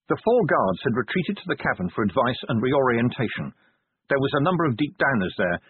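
A man narrating a novel as an audiobook reader, in measured storytelling. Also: husky, no room sound. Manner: measured storytelling with lively pitch. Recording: phone-like lo-fi audio.

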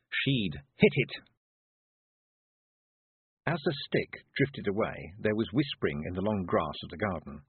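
A male storyteller reading aloud with a husky, lively delivery that moves through his pitch. The recording is dry and close, with a thin phone-like band. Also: no room sound. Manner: expressive, storytelling. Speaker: narrator. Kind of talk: audiobook reading. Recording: dry, phone-like narrow sound.

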